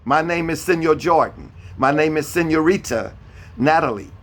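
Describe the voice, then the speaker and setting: A man's voice: fairly high pitch, expressive, moderate pace, a little hiss or hum. A man teaching a beginner Spanish lesson over a video call, patiently repeating each question and spelling words out letter by letter. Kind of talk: online beginner language lesson.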